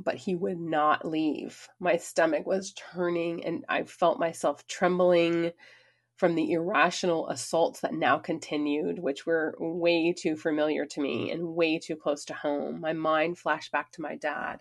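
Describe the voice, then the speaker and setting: A woman in middle age tells her own story aloud, earnest and emphatic. Her voice sits a little low, and her pace speeds up and slows down as she goes. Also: steady tone, fairly bright tone. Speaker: speaker sharing her story. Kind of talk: personal storytelling talk.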